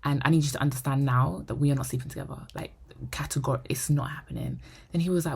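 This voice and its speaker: A young woman vlogger telling a personal story to camera, animated and acting out the dialogue. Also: extremely low pitch, fast, vocal fry, breathy edge. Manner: animated, acts out quoted dialogue; drops to a whisper for inner thoughts. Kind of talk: storytime monologue.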